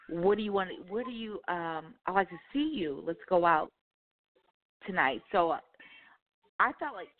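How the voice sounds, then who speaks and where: A woman telling a dating story on talk radio, profane and exasperated. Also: lowish voice. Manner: profane, exasperated, animated retelling. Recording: phone-line call.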